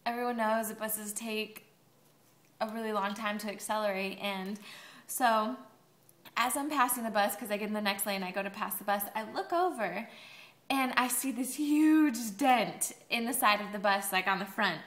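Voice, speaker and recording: A woman's voice: medium pitch, normal speed. Young woman, college vlogger, casual rambling, sarcastic, roomy echo. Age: young adult. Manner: chatty, rambling, sarcastic asides. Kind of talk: casual video diary.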